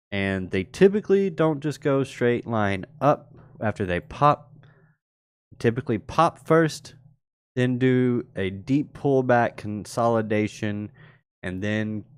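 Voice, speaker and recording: Casually analyzing charts on a live crypto market stream, a man answers questions from viewers in chat. He has a smooth, lowish voice, captured in a dry recording with clean studio sound.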